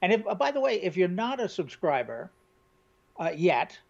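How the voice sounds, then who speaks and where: Easygoing man co-host, higher voice. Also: sing-song, normal speed, vocal fry. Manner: easygoing, laughs along. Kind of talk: casual chat. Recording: dull lo-fi sound.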